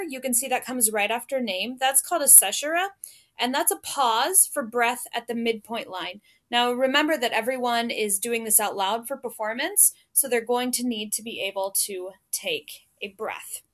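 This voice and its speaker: A woman's voice: a little high, a bit bright. A woman teacher giving a recorded lecture, explaining step by step with frequent ums and small restarts.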